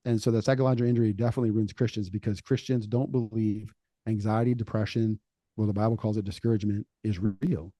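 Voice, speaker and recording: A middle-aged man on a faith podcast, talking casually and telling stories with lively acted-out quotes. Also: fairly low pitch, quick pace, no room sound. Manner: animated storytelling, acts out quoted voices. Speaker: podcast co-host.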